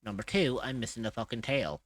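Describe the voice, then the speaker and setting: A relaxed man chatting on a live stream, cursing casually and laughing easily at his own jokes. His voice sits at an ordinary pitch and sounds dry and close to the mic, with no room echo. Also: fairly quick. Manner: laughs often, swears casually, hums while working. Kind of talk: casual chat while drawing on stream.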